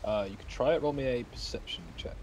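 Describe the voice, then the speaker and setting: A man's voice: mid-range voice, fast talker, heavy background noise. A man narrating as game master of a tabletop game with dry, matter-of-fact descriptions.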